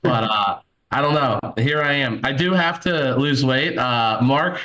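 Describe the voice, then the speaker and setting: Speaking a little slowly in a medium-pitched, sharp voice, a man in his thirties does stand-up over a video call from home at his computer. The computer mic yields a low-quality recording. He spins rambling, self-deprecating stories loaded with fillers.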